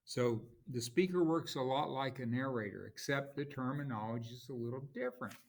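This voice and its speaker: A man teaching a recorded lesson, explaining in a slow, informal way and correcting himself as he goes. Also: medium pitch. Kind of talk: recorded lecture.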